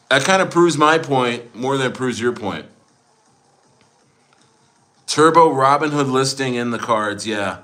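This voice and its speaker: A young man chats loosely with his stream audience, reading comments and riffing with easy laughter. His voice is bright and forceful, sitting at an ordinary pitch for a man. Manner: joking, rambling, laughs often. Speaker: crypto livestream host. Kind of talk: casual livestream chat reading viewer comments.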